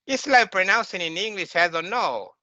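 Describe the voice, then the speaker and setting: A man's voice: high voice, expressive, moderate pace, pushed and bright, dry recording. A man teaching a lesson, emphatic, repeating and correcting words again and again. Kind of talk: lecture on Sanskrit texts. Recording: dull lo-fi recording.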